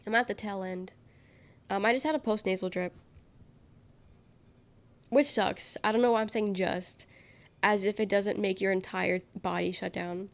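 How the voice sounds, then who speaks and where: A woman's voice: medium pitch, fairly even intonation, moderate pace, creaky, long pauses. A young woman streaming live while sick, her voice coming out nasal and congested. She rambles casually to her viewers, giggles often and swears without a second thought.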